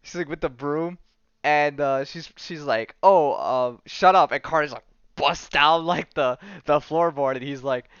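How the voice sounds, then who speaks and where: A male podcast host talks through a comic plot in a loose, rambling way, full of fillers and quick laughs. His voice is smooth and clear, at an ordinary pitch for a man. The recording is dry and slightly dull. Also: steady tone, fairly bright tone, dry recording. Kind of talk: casual comic-book recap.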